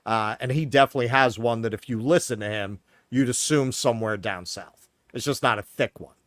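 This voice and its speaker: A man's voice: mid-range voice, a little fast, a bit bright, no echo, clean studio sound. Sarcastic profane man with a Queens accent. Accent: New York. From Queens, New York. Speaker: podcast co-host. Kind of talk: casual political commentary.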